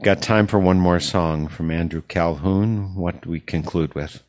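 A man's voice: low voice, normal speed, darkish tone, dry recording. A man from Wisconsin hosting a casual radio interview with a musician, curious and chatty. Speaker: radio host.

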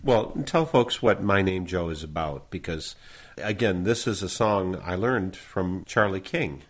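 A man hosting a radio interview, commenting briskly and prompting his guest. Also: sits low.

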